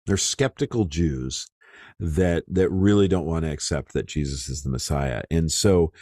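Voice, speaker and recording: A man giving an informal, conversational Bible teaching as a pastor, with many fillers and bursts of excitement. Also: very deep voice, measured pace, dry recording, clean studio sound.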